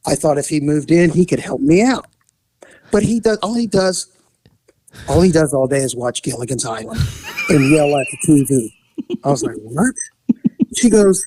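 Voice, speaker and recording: A man's voice: fairly high pitch, expressive, normal speed, warm tone, no room sound. A man who was a police officer, casually telling a story and acting out voices and sound effects.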